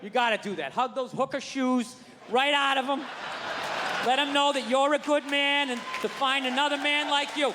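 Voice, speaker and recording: A man doing a stand-up routine, ranting and swearing, often shouting. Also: very high voice, level tone, moderate pace, a crowd in the background. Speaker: stand-up comedian. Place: large hall with a live audience. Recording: hall reverb, audience laughter and noise.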